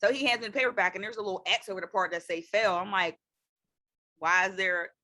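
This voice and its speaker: A woman in her twenties, co-hosting and telling a story in casual, slangy, animated chat, laughing often. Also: mid-range voice, racing. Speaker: co-host.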